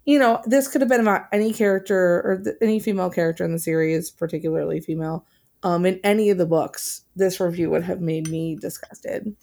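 A woman co-hosting a podcast in casual chat, animated and exasperated, swearing freely. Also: lowish voice, a little fast, vocal fry. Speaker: podcast co-host.

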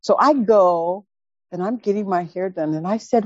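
A woman teaching Buddhist dharma, telling a personal story in an animated, emphatic way and repeating words for stress. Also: medium pitch, moderate pace, dry recording, lo-fi sound. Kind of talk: dharma talk with personal anecdote.

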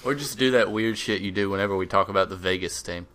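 A young man co-hosts a casual sports podcast with a bright, edgy voice. He trades sarcastic, profane jabs with his friends. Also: low-pitched, quick pace, a little hiss or hum. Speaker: podcast co-host.

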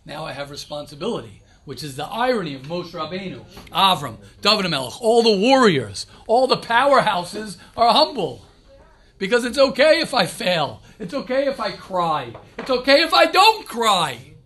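A man, a rabbi, giving an informal lecture to yeshiva students, animated and repetitive, often restarting his sentences. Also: sits high. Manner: animated, repeats himself, self-correcting.

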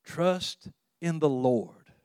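A man's voice: animated, very slow, a little mellow, clear, resonant tone, no echo, clean studio sound. Earnest man preaching a sermon. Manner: conversational, earnest, with repeated restarts and sudden rises in pitch and volume. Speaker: pastor.

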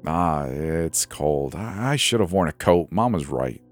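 A man's voice: extremely low pitch, expressive, a little slow, no room sound, faint music behind. A man voicing the nervous, stammering inner thoughts of an anxious young graduate. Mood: fretful.

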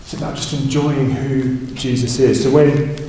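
A man's voice: level tone, measured pace, dark tone, slight background noise. A man preaching a sermon and explaining scripture in a conversational way, often asking "right?" and lifting his voice for emphasis. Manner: rises in pitch and volume for emphasis. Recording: far from the mic in a big echoey hall.

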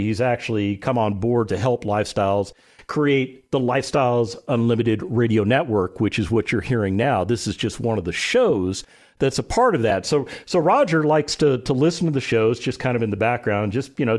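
A man hosting a real estate radio show, telling a story in an animated way and acting out the quotes. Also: mid-range voice. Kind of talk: talk radio monologue.

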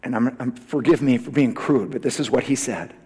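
A male pastor preaching a sermon, shifting from hushed, near-whispered asides to loud, fervent declarations with repetitive, rousing phrasing. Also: medium pitch, a little fast, breathy edge. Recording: reverberant hall sound.

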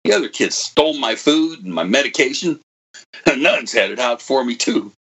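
A man's voice: medium pitch, lively intonation, normal speed, fairly bright tone, breathy edge. An actor playing a bitter old man who was once a computer prodigy, delivering a dramatic monologue that swings from wry to anguished. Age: older.

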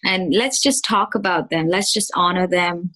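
A woman's voice: lowish voice, moderate pace, a bit bright, rough recording. A woman hosting an interview, thanking her guest and encouraging listeners to try what they heard. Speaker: podcast host. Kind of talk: interview conversation.

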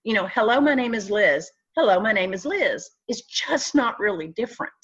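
A woman's voice: medium pitch, lively intonation, normal speed, a bit bright, breathy edge, highs cut off. A woman who owns a talent agency, speaking frankly in an interview and often restarting her sentences. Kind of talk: conversational interview.

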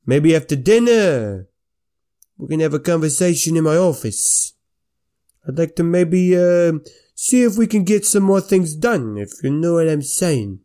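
A man's voice: on the high side, animated, measured pace, mellow, pitched above the performer's own voice. A man voicing a proud old crime boss. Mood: scheming. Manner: commanding, fatherly, repeats "right?" and "okay?". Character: stern older male crime boss, proud.

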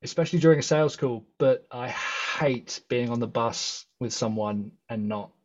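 An English man in a relaxed podcast interview, upbeat and jokey, throwing in quick asides. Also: medium pitch, highs cut off. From England. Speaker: podcast guest, agency founder. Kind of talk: casual interview chat.

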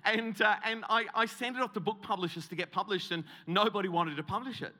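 A man's voice: high-pitched, fairly quick, bright, forceful tone. A man preaching a comic sermon story, self-mocking and full of restarts. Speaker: guest preacher.

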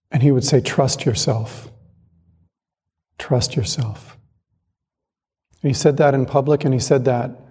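Male Zen teacher, calm and measured dharma talk, husky mellow voice, long reverb of a hall. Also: mid-range voice. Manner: calm, reflective, measured with pauses.

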